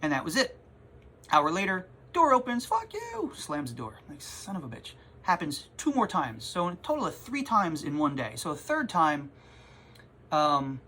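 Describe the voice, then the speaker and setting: A man who runs a comic shop, telling a rambling, animated story in a casual vlog from his store. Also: mid-range voice, slight background noise. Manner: rambling, animated, self-interrupting.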